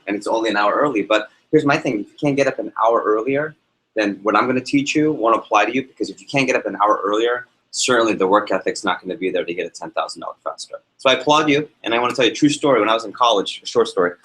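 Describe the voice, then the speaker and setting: A man's voice: medium pitch, fast talker, rough recording. A man leading a live sales workshop to an audience in a meeting room, telling stories and asking the room questions. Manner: energetic, storytelling, asks the audience questions. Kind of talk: live motivational workshop talk.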